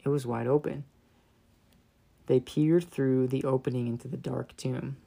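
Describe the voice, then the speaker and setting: Slightly slow, with vocal fry and fairly even intonation, a medium-pitched man reads a children's Bible story. He narrates with gentle drama and grows softer in solemn moments.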